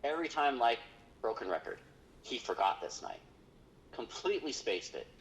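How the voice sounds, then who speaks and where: A man's voice: medium pitch, very animated, moderate pace, poor audio. A man, a paranormal investigator, telling a story in casual conversation, rambling with lots of fillers.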